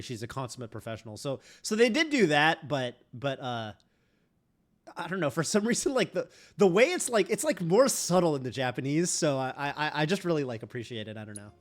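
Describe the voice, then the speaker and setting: A man's voice: mid-range voice, animated, moderate pace. A man streaming a game, chatting casually in a rambling way full of fillers and restarts. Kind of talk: casual chat while streaming.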